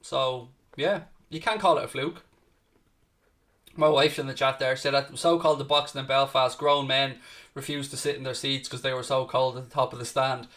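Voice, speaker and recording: Medium in pitch and fairly bright, the Irish man speaks at a normal speed with fairly even intonation. As host of a live football watchalong, he keeps the stream chat casual, responds to viewers' questions and calls them "mate."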